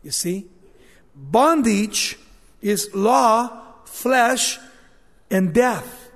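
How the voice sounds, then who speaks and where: Impassioned male preacher, high pitch, deliberate pace, long church reverb. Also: expressive, fairly bright tone. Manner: impassioned, voicing scripture as direct speech. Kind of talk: sermon.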